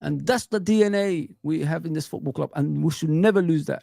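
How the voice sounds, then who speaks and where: A man's voice: a little high, fairly quick, creaky, mellow, no echo, clean studio sound. A middle-aged man hosting a live football stream, ranting passionately with rhetorical questions and talking straight to his viewers. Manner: talks straight to viewers and chat. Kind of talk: casual live-stream rant.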